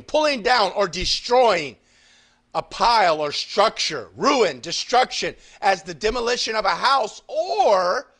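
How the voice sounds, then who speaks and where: A man preaching a Bible study sermon, reading scripture aloud and swinging from quiet confiding asides to fervent, pleading outbursts. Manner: rises into fervent shouted pleading, then drops low. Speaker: pastor.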